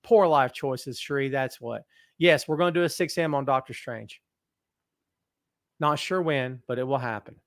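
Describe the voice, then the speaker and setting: A man hosting a wrestling talk stream, reading viewer comments aloud and talking to his audience with animated, self-mocking chatter. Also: medium pitch, moderate pace, no room sound, studio quality. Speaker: host.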